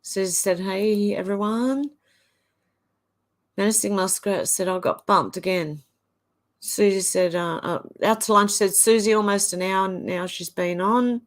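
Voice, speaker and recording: A woman's voice: medium pitch, a little slow. An Australian woman hosting a livestream, reading viewers' comments aloud one after another and adding short offhand remarks. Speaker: livestream host. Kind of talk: casual livestream chat reading.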